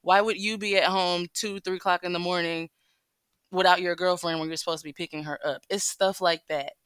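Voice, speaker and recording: A woman's voice: lowish voice, fairly even intonation, brisk, fairly bright tone, clean tone, dry recording. A woman giving casual relationship advice, telling a story in a chatty way straight to her viewers. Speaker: commentator.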